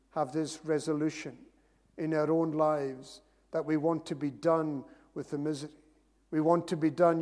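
A man delivers an earnest sermon, driving points home through emphatic repetition. His voice sits fairly high for a man. The sound carries a long reverb from a church hall. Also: warm tone. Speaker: preacher.

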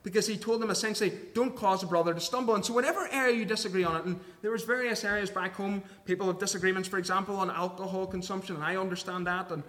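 A man's voice: sits high, fairly even intonation, fast, few pauses, bright, forceful tone, in a large hall. A man preaching a sermon, earnest and emphatic, reading scripture aloud and explaining it.

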